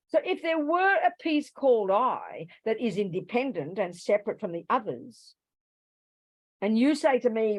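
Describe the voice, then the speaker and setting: A woman teaching Buddhist philosophy to a live class, animated, swinging from loud emphatic bursts to soft asides and acting out little quoted voices. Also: fairly high pitch, dry recording. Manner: acts out little quoted voices to make a point. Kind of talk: dharma talk to a live class.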